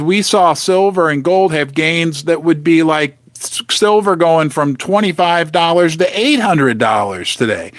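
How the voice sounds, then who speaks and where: A man's voice: high voice, dry recording. A man hosting his own channel, talking in an emphatic, casual monologue full of rhetorical questions and jokey asides. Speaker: host of a precious metals channel. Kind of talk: animated casual monologue to camera.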